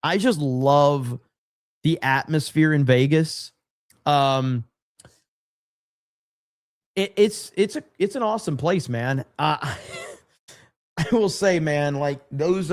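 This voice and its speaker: A man hosting a casual live stream, rambling and reading viewer chat aloud. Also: fairly high pitch. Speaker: livestream host.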